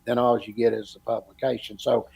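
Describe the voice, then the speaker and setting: A man's voice: mid-range voice, level tone, brisk, creaky, dark tone, slightly rough. A man hosting a casual podcast about electrical training, talking in a rambling, storytelling way. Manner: rambling storyteller with frequent restarts. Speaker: podcast host and electrical educator.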